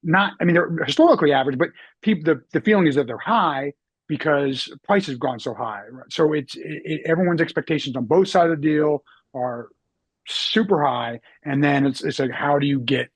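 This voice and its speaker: A man's voice: a little high, fairly quick, husky, no room sound. A man hosting a casual interview, asking questions with enthusiasm and encouraging his guest. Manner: enthusiastic, encouraging, lots of mm-hmms. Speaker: podcast host, realtor.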